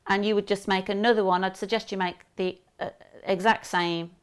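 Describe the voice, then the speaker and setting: A woman's voice: medium pitch, steady tone, a little fast, smooth. A middle-aged woman with a Black Country accent, chatting casually while demonstrating sewing, rambling with fillers and restarts.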